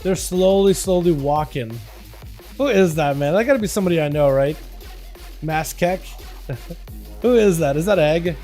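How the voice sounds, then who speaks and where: A young man with a hoarse voice, whose first language is Russian, hosting a livestream and giving casual, excitable commentary on game duels while bantering with his chat. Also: on the high side, moderate pace, pauses often, soft background music. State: hoarse, voice rough tonight.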